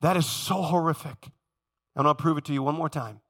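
A man preaching a sermon with passion, talking straight to his congregation and swinging from loud emphasis to hushed, low tones. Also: steady tone, brisk. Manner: addresses congregation directly.

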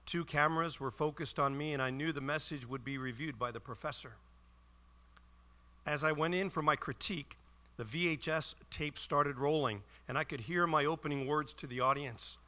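A man's voice: a little high, moderate pace, bright, forceful tone. A man pastor giving a solemn Good Friday sermon and prayer, reading prepared words earnestly.

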